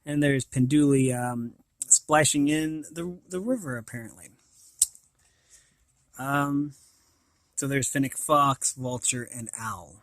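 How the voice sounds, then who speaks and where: A man's voice: mid-range voice, slow pace, pauses often, a bit bright, dry recording. A man reading a children's picture book aloud, stopping to describe the pictures and restarting words. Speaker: reader of children's books.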